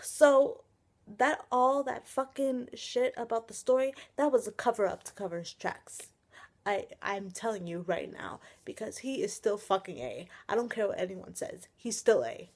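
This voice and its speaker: A woman's voice: on the high side, moderate pace. A young woman ranting on a casual vlog, angry and exasperated, sighing often and swearing as she talks. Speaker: vlogger reviewing a TV episode. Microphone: webcam or built-in camera mic.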